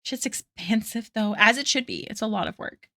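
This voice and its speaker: A woman's voice: a little high, moderate pace, pushed and bright, no echo, clean studio sound. A woman art streamer chatting casually with viewers while drawing, giggling often and thanking them effusively.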